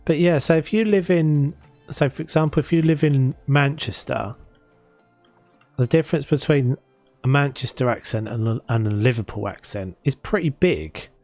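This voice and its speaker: A man's voice: mid-range voice, moderate pace, darkish tone, dry recording. A man chatting casually while he plays a building game, rambling with many restarts. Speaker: gaming streamer. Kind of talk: casual chat while playing. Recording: faint music behind.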